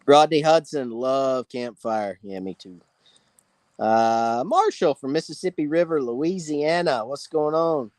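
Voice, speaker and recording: A man's voice: medium pitch, unhurried, a little mellow, dry recording. A man hosting a casual live fishing Q&A, greeting viewers by name. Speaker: fishing channel host. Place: outdoors by a campfire.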